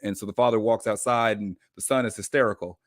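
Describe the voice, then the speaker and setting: Man, podcast guest, coach, animated, informal, low voice, dry sound. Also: fast talker, dry recording. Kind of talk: casual storytelling.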